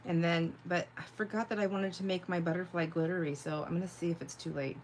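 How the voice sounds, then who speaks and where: Chatty woman with a low voice. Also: fairly even intonation, quick pace, a little hiss or hum. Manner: rambling and chatty, heavy on "like", laughs easily; reads viewer comments aloud and answers them. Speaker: craft livestream host. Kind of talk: casual crafting livestream chat.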